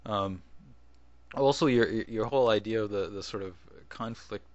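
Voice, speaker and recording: In a casual video response, a man rambles, keeps restarting his sentences, and chuckles as he goes. His voice is fairly low at a normal speed, recorded lo-fi with no room sound.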